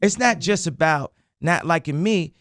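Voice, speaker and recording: A man talking as a radio interview guest, impassioned, swinging between loud declarations and low murmurs. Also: animated, moderate pace, long reverb tail. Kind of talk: passionate radio interview talk.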